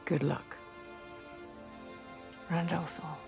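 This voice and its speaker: An actress playing a composed female sorceress mentor who speaks in measured, clipped, frank lines over faint score. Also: deep voice, level tone, music in the background, full character voice. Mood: resolute.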